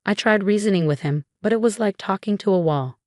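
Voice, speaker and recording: A woman reading a dramatic first-person story as a scripted narration, in an even storytelling manner. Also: mid-range voice, brisk, no room sound, clean studio sound.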